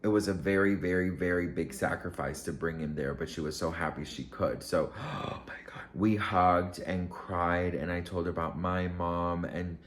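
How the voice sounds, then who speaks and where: A man's voice: low-pitched, fairly even intonation, moderate pace, few pauses, a little hiss or hum. A man vlogger telling a story to camera in a casual, gushing, emotional way, rambling with many fillers.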